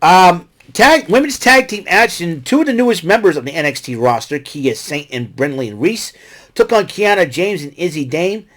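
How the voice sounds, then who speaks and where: A man with a somewhat high voice hosts a casual solo recap of wrestling. He rambles through his notes with fillers and restarts and gets excitable, talking straight back to the wrestlers he describes. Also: moderate pace. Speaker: podcast host recapping wrestling.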